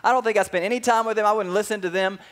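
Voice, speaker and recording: Preacher as a sneering false prophet. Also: male voice, high voice, fairly even intonation, very fast, fairly bright tone, clear, resonant tone, pitched above the performer's own voice. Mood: dismissive. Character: scheming jealous male false prophet.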